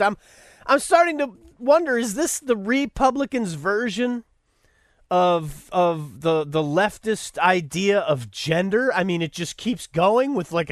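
Sarcastic high-voiced male podcast host. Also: fairly bright tone, dry recording, studio quality. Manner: mocking, rambling asides. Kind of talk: sarcastic political commentary.

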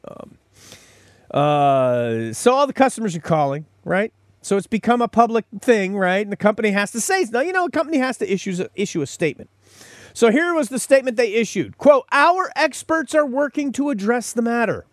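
A man's voice: high-pitched, big pitch swings, fairly quick, no echo, studio quality. A man hosting a podcast, delivering a sarcastic, opinionated commentary monologue. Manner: sarcastic, mocking, mimics callers and corporate statements. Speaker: podcast host.

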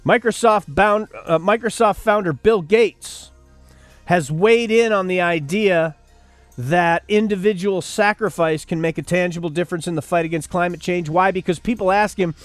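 A man's voice: high voice, moderate pace, no echo, soft background music. A man hosting an opinionated news commentary show, sarcastic and preachy, rising to fiery outbursts. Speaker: radio host.

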